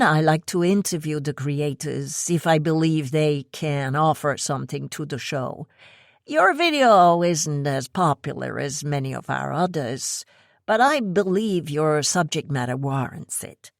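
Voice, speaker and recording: A woman playing a poised, self-assured woman who hosts a podcast, low in pitch and unhurried. She talks in a measured, composed way, recorded dry and close for an audiobook. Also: lively intonation, gravelly, no room sound, full character voice. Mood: cool composed.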